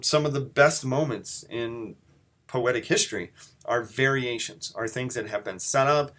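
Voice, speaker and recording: A man teaching a recorded lesson on poetry, thinking aloud with frequent restarts, and pausing to read passages aloud. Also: on the low side, a bit bright.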